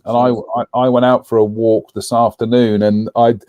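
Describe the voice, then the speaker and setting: A man co-hosting a relaxed live stream, his voice close and dry with no room sound around it. He meanders through his talk with plenty of ums and reads out a long list of viewers' names. His pitch sits in an ordinary middle range. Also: moderate pace, no echo, highs cut off. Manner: rambling, frequent ums, reading out viewer names. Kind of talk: casual live-stream chat.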